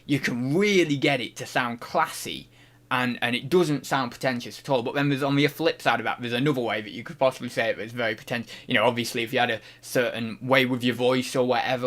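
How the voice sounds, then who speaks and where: A man's voice: medium pitch, fast talker, fairly bright tone. A man from the UK hosting a casual livestream, reading out chat questions and thinking aloud, often restarting and unsure of himself.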